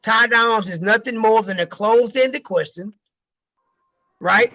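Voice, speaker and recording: A man's voice: sits high, a little slow, sharp tone. A man giving a casual sales training talk to a group, emphatic and repeating key phrases, with casual swearing.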